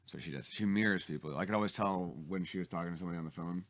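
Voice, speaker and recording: A low-pitched man hosts a casual podcast, talking loosely and rambling from point to point. He fills his talk with plenty of "uh" and "like" as he chats with his guests. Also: rapid-fire. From American South. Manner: rambling, chatty, lots of fillers. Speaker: podcast host. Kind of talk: casual chat.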